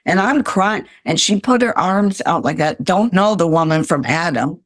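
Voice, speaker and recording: A woman's voice: on the low side, animated, moderate pace, no echo, studio quality. An older woman, a podcast guest, earnestly telling her life story in an interview.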